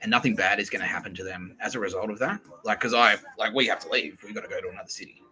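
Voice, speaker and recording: A man's voice: lowish voice, rapid-fire, poor audio. An Australian man hosting a podcast, telling a casual story with lots of swearing and acted-out quotes. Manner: animated, swears often, acts out quoted voices. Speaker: podcast host.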